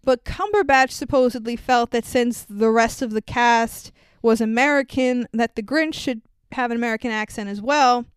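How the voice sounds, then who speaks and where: Animated, foul-mouthed woman podcast host. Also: a little high, moderate pace, smooth, no room sound. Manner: animated, swears freely, laughs often. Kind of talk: casual movie review chat.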